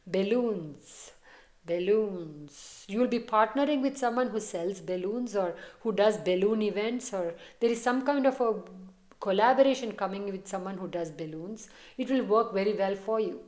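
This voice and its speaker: A woman's voice: medium pitch, normal speed, a little mellow. A woman tarot reader talking casually and reassuringly straight to her viewers as she gives a reading. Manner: chatty, reassuring, direct address to viewers.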